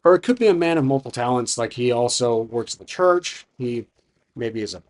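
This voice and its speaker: A man's voice: medium pitch, expressive, brisk, a little mellow. A man narrating a solo tabletop campaign as game master, thinking aloud with frequent restarts.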